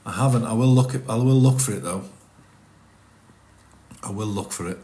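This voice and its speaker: A middle-aged man talks in a low voice. He rambles in a casual, chatty way on a live stream, reading out and answering viewers' comments. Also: moderate pace, warm tone. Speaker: livestream host reading chat.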